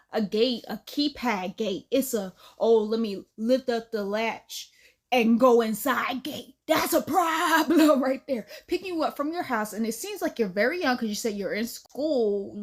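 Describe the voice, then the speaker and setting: A woman reacts to a clip from her bedroom late at night, her voice high and leaping all over the place. She is chatty and animated, laughing often and calling her viewers girl. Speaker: reaction video host. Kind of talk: casual reaction commentary.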